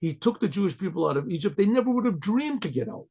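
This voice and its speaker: A rabbi leads an informal Torah lesson in a slightly high, husky voice with a gravelly edge. He speaks haltingly, repeating words and clearing his throat often. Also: sing-song, warm tone. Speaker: rabbi teaching a Torah class.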